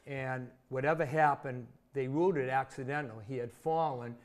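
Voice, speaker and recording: A man in his sixties from Massachusetts, speaking at a mid-range pitch. He tells stories as an interview guest in a relaxed, conversational way. The stories are vivid, and he pokes fun at himself. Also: moderate pace. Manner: chatty, vivid anecdotes with self-deprecating humor. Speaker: interview guest, former teacher. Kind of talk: casual storytelling in an interview.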